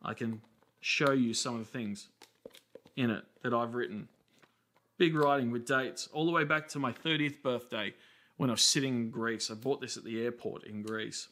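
Australian man, pastor, preaching a sermon, storytelling, medium pitch, bright tone. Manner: conversational storytelling preacher, quick asides.

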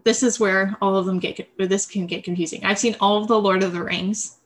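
A young woman co-hosting a casual chat, brisk as she runs down a list and quick to tease. Her voice sits at an ordinary middle pitch for a woman. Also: steady tone. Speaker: podcast co-host.

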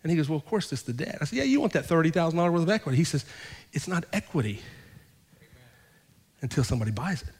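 A man's voice: fairly high pitch, very animated, fast talker, slightly rough. Man, pastor, sermon, storytelling with acted-out dialogue, rising fervor, long hall reverb. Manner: storytelling, acting out both sides of conversations; builds to loud, fervent preaching.

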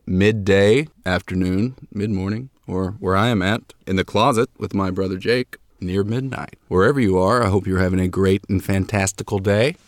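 A man's voice: deep voice, no echo, studio quality. A young man hosting a homemade comedy podcast from a closet, rambling in a mock-grandiose way with lots of fillers. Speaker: podcast host.

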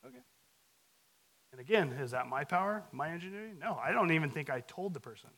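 Man teaching a casual, halting sermon. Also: on the high side, lively intonation, fairly bright tone, low-quality recording. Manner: casual, halting, with frequent restarts and fillers; adds emphasis to scripture and acts out quotes. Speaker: guest teacher. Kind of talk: conversational sermon.

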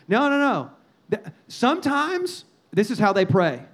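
High-voiced animated male preacher. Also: brisk. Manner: animated, punchy preaching with quoted asides and repetition. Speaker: pastor. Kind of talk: sermon.

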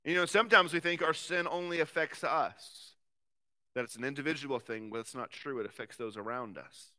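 A man in his thirties, a pastor preaching a sermon with earnest conviction, swinging between forceful emphasis and very soft, quiet passages. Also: medium pitch, brisk.

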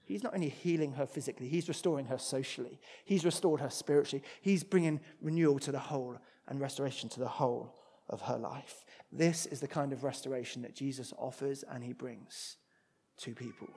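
A man preaching a sermon, expressive, moving between loud emphatic passages and hushed ones. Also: medium pitch, fairly quick, husky.

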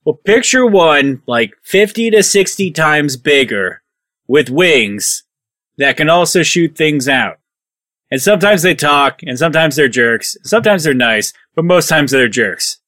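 Bright dry-voiced man playing a tabletop character. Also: a little high, lively intonation, dry recording. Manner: dry, sarcastic, quick. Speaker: player.

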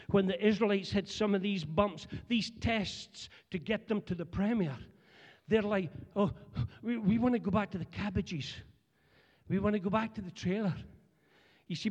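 A middle-aged man with a Scottish accent preaching a humorous sermon, animated and joking as he talks to the congregation. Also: high voice, lo-fi sound. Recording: long church hall reverb.

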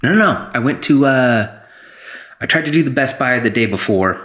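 A man's voice: mid-range voice, expressive, normal speed, fairly bright tone. A young adult man in casual chat, laid-back and saying dude often.

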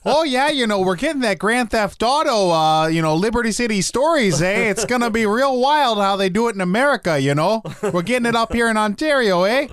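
A man's voice: sits high, expressive, brisk, few pauses, fairly bright tone, clean tone, pitched above the performer's own voice. A man putting on a joking mock Canadian accent, imitating a jolly Canadian guy. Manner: playful mimicry.

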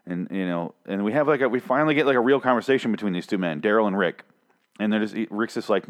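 A man's voice: lowish voice, expressive, quick pace. Rambling, foul-mouthed man recapping a show. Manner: rambling, profane, sarcastic asides. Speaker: TV episode recapper. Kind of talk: casual recap.

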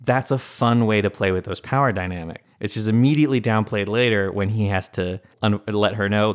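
A man co-hosting a podcast, talking about an old film in an animated, blunt way and swearing now and then. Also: lowish voice, a little fast, few pauses. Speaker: podcast co-host. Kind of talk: casual film discussion.

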